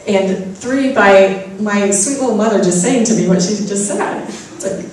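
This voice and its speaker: At medium pitch and ordinary speed, a woman with a slightly mellow tone gives an uplifting talk to listeners, poking fun at herself through personal tales as a spiritual speaker. The distant mic and echo-heavy room leave slight background noise.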